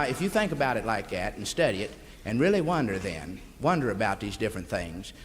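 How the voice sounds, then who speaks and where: A man with a Southern US accent doing a rambling live stand-up monologue, folksy and drawling, calling the crowd beloved. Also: fairly high pitch. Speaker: stand-up comedian. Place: stage before a live audience. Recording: echoey 1960s live LP recording with hiss.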